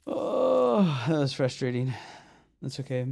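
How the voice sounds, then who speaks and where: A man streams a strategy game, chatting casually with his viewers, swearing and venting frustration as he explains his build. His voice is medium-pitched with a steady tone and a measured pace.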